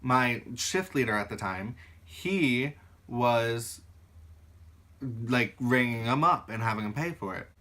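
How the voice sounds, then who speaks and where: A young man with a bright, forceful voice tells work stories in a loose, casual way. He is animated and swears freely, slipping into the voices of the people he argues with. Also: mid-range voice, takes it slowly. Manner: animated, swears freely, acts out quoted arguments. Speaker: YouTuber. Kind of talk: casual storytelling.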